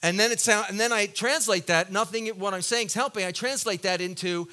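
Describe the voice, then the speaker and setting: A man preaching a sermon as a pastor, telling a personal story in an earnest, confessional way and swinging between loud emphatic bursts and soft low passages. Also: brisk.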